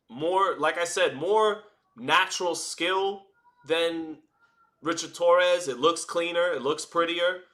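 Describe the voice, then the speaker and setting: A man calling a boxing fight live, chatty and energetic, hosting a watch-party stream and often restarting his phrases. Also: fairly high pitch. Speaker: boxing commentator and stream host. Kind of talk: live round-by-round fight commentary.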